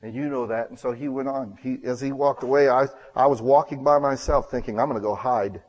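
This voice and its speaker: A man preaches from the pulpit in an earnest storytelling manner, acting out each line of dialogue and poking fun at himself. His voice sits at an ordinary middle pitch and swells to loud, emphatic bursts. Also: steady tone, brisk, dull audio. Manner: earnest, self-deprecating storyteller who acts out dialogue. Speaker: pastor. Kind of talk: storytelling sermon.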